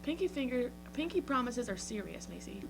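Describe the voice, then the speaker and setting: A woman's voice: fairly high pitch, sing-song, fairly quick, creaky, a little hiss or hum, poor audio. Chatty young woman co-host. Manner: chatty, reads facts then banters. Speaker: student TV co-host. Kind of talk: casual chat.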